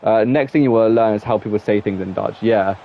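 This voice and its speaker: A man's voice: lowish voice, fast talker. A young man with an English accent chatting casually with viewers while playing a football game. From England. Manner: rambling, chatty, talks to viewers. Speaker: gaming streamer. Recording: slightly dull lo-fi mic with faint noise.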